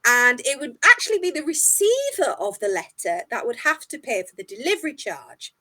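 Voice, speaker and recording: A woman's voice: high-pitched, sing-song, normal speed, bright, forceful tone. A woman tour guide telling a history story in a jokey, self-mocking casual chat, a little tipsy. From England.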